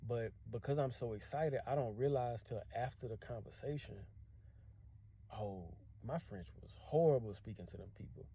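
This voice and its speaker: Very dark-voiced man vlogging. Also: mid-range voice, highs cut off. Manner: earnest, encouraging storytelling. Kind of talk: casual talk to camera.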